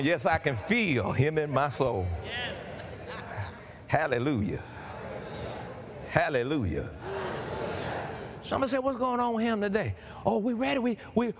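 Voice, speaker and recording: Fervent preacher man, high and lively. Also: measured pace, long pauses, background noise. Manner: fervent, building to shouts, calls and responses with the congregation. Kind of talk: sermon.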